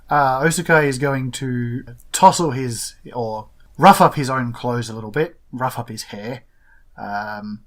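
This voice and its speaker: A man's voice: mid-range voice, fairly bright tone. A man playing a tabletop game who talks hesitantly, thinking aloud with fillers. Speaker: player.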